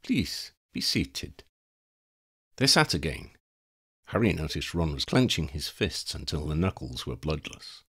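A man narrating a fan fiction audiobook chapter in an expressive, dramatic storytelling style. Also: rumbling low, moderate pace, breathy edge. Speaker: audiobook reader.

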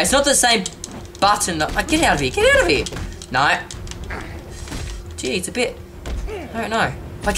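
An excitable woman, gushing and squealing over a let's play. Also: on the low side. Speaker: gaming channel host.

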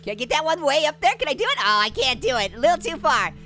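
A hyper talking orange with a squeaky, giggly voice that sits very high and swoops wildly up and down. He cracks puns, teases, and bursts into excited yelps, with game music playing behind him. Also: fast, exaggerated voice. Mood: playful. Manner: excitable, teasing, bursts into shouts. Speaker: gaming channel host character. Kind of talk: let's play commentary.

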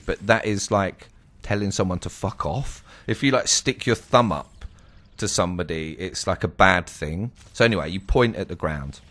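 A young man telling a personal story casually, animated and dramatic. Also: sits low. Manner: animated, exclaiming, dramatic retelling. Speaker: streamer.

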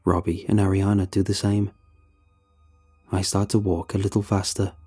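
Dark, husky male horror narrator. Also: low-pitched, flat delivery, normal speed. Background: faint background music.

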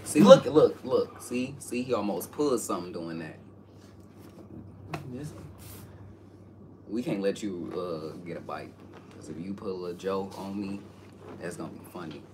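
A man's voice: deep voice, a little slow, pauses often, recorded from a distance, background noise. A man teasing and mocking his partner in a comedy skit. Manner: teasing, mocking, lively swings.

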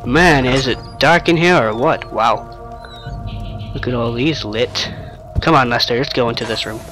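A man's voice: medium pitch, moderate pace, over music. A man giving casual, jokey commentary while playing a horror game, talking to himself and to an imaginary friend. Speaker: let's-play gamer.

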